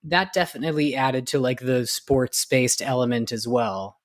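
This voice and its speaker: A man's voice: medium pitch, moderate pace. A man co-hosting a podcast, recounting things in a rambling casual way with lots of "like" and "you know". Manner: rambling, many fillers and restarts while recounting. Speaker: podcast co-host. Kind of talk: casual chat.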